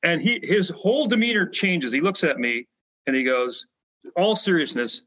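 A Canadian man, a former basketball player, tells his stories in a bright, tense voice that sits a little high for a man, and he animates the people in them. His sound is somewhat muffled, like lo-fi podcast audio. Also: normal speed. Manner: animated storyteller, acts out quoted voices, frequent fillers. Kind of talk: casual storytelling interview.

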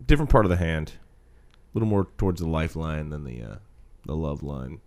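A man's voice: a bass voice, expressive, a little fast, darkish tone, dry recording. A man co-hosting a podcast in a casual comedy chat, telling stories in a playful, rambling way. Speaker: podcast co-host.

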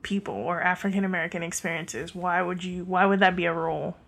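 A woman's voice: lowish voice, quick pace, vocal fry, fairly bright tone. A young woman co-hosting a podcast, talking in a candid, opinionated way with many fillers and restarts. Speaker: podcast co-host. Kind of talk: casual chat. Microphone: handheld mic.

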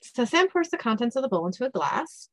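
A woman hosting a podcast, chatty and quick to laugh, recapping a TV episode. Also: fairly high pitch, sing-song, no room sound. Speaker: podcast host.

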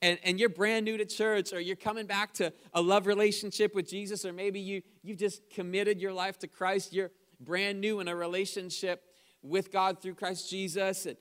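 A man preaching a sermon in a church service, energetic and chatty, calling out to the congregation between stories. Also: high-pitched, moderate pace, clear, resonant tone. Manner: chatty storytelling asides. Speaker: pastor.

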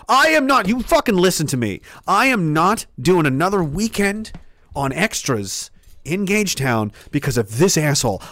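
Man as a frantic young soldier, swearing, bright edgy voice, swinging pitch. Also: no room sound, heavily acted. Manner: frantic, profane ranting. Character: panicky, foul-mouthed young male soldier.

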